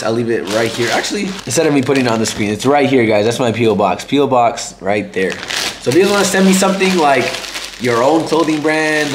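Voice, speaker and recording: A man with a hoarse, failing voice, talking to viewers in a laid-back, slangy car vlog, saying bro and guys a lot. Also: medium pitch, echoey room, noisy background. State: hoarse, losing his voice. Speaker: car vlogger. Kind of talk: casual vlog chat.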